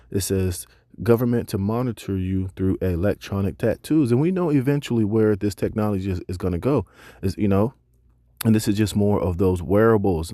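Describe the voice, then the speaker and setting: A man's voice: lowish voice, mellow, dry recording. A man teaching a Bible lesson, reading scripture and then preaching emphatically with casual slang asides.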